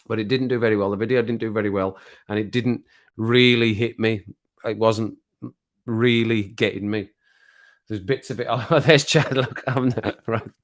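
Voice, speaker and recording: Chatty Black Country man streaming live. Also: on the low side. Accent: Black Country English. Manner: rambling, chatty, laughs often. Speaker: livestream host. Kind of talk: casual livestream chat.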